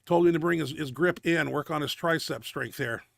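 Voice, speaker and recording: A man's voice: on the high side, moderate pace, vocal fry, fairly bright tone, no echo, studio quality. A middle-aged man hosting a powerlifting video show, commenting bluntly and profanely on lifts while he is winded and out of breath. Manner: blunt, profane gym talk. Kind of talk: casual commentary over lifting videos.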